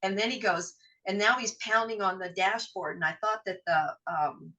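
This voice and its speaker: A woman's voice: medium pitch, moderate pace, pushed and bright, far from the mic, poor audio. A middle-aged woman, a podcast guest, telling a frank personal story in vivid detail, acting out what people said and swearing now and then. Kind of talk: emotional personal storytelling in an interview.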